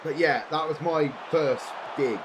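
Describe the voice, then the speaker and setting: A man's voice: a little high, unhurried. A man in his forties chatting casually with viewers while playing a game on a live stream, rambling and laughing often. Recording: steady background noise.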